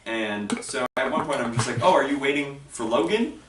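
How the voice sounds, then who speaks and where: A man's voice: medium pitch, normal speed. A man telling a story in a casual vlog, swearing freely and acting out what others said. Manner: animated, swears freely, quotes people in put-on voices. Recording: echoey room, mic at a distance, faint noise.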